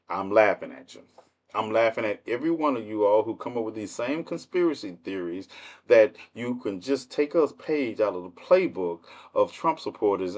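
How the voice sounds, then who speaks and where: A man's voice: on the low side, darkish tone. A man hosting a livestream with casual political commentary, speaking in with a mocking, laughing, rhetorical manner. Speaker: livestream host.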